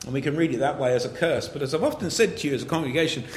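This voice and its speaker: A man's voice: on the high side, racing, echoey room. A man preaching a sermon to his congregation, earnest and building to emphatic passages as he reads and explains scripture. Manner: earnest, rising to emphatic, reads scripture in King James wording.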